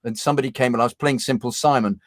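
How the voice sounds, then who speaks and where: A man tells stories from his acting career on a video call. He is animated and slips into the voices of the people he quotes. His voice sits at a middle pitch and sounds dry and close to the mic. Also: racing, dry recording. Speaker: actor guest. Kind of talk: casual chat, anecdote telling.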